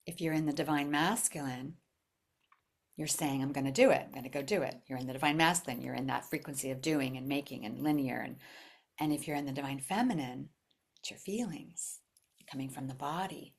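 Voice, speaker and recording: Female workshop leader, low voice, expressive, acts out quotes, drops to whispers. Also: moderate pace, gravelly. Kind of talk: live workshop teaching to a group.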